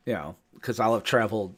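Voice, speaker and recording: A man's voice: mid-range voice, husky. A man co-hosting a podcast in casual chat, rambling through stories and laughing often. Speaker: podcast co-host.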